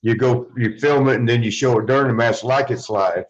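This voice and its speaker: A former wrestler as an interview guest, telling stories casually in a rambling way, swearing freely and acting out what others said. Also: male voice, mid-range voice, a little fast, highs cut off. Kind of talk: casual storytelling.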